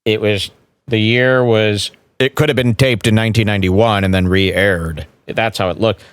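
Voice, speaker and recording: A man hosting a comedy podcast, mocking a stand-up clip with sarcastic commentary and sudden loud impressions. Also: lowish voice, steady tone, normal speed, clean tone, dry recording. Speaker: podcast host.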